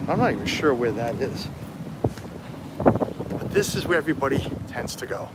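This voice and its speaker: A man's voice: medium pitch, big pitch swings, moderate pace, very noisy. A man, fighting a cold, chatting casually on a live stream outdoors and answering viewers' comments. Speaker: vlogger livestreaming. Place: outdoors on a hot town street.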